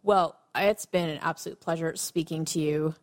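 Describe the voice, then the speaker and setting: A woman's voice: deep voice, fairly even intonation, moderate pace. A woman hosting a podcast interview, chatting in a friendly way and laughing along with her guest. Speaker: podcast host. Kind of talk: casual interview chat.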